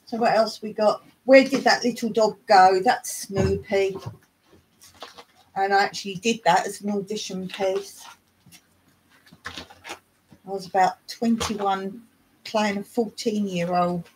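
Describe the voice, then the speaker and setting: A woman's voice: mid-range voice, fairly even intonation, slow, long pauses, a little mellow, a little hiss or hum, rough recording. A middle-aged woman from England, hosting a casual live chat, talking in a chatty way, reading aloud and singing snatches of songs. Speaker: livestream host.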